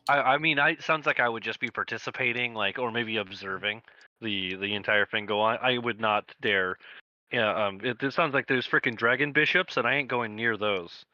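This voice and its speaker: A man's voice: mid-range voice, moderate pace, sharp tone, dry recording. A man playing a tabletop game, rambling and stumbling, laughing often, on a dull voice call mic. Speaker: player. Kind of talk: casual chat in a tabletop game.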